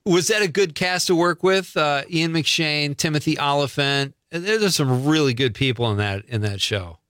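A man hosting a casual radio interview, friendly and upbeat, asking quick questions. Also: a little high, a bit bright, dry recording, studio quality. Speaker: radio show host.

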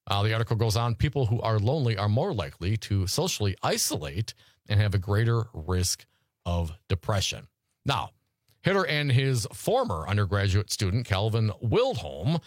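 A man's voice: on the low side, no echo, clean studio sound. A man hosting a talk radio show, reading news articles aloud and riffing on them casually.

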